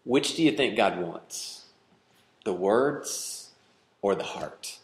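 Male pastor, 40s, slow unhurried delivery, roomy church echo. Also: lowish voice, animated. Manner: conversational, teasing the congregation with questions. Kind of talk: sermon. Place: church hall with congregation. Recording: echoey church hall.

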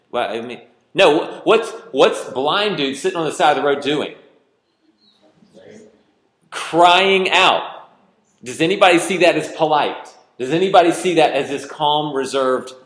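A man preaching a sermon, questioning the congregation and swinging from loud outbursts to hushed delivery. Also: medium pitch. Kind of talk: interactive sermon. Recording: roomy reverberant hall.

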